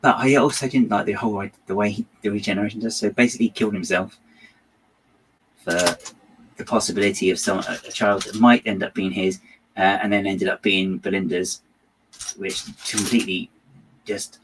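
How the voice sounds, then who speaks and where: A man hosts a casual build-and-chat, talking his opinions through in a wry, meandering way full of restarts. His voice sits slightly low. A faint background hum runs under him. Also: brisk. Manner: rambling, hesitant, wry and opinionated. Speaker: host of a building channel.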